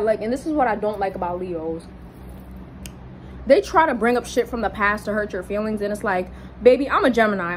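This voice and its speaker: A young woman casually telling a personal story, animated and swearing, jumping up high when she quotes people. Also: slight background noise, low-quality recording. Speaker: vlogger.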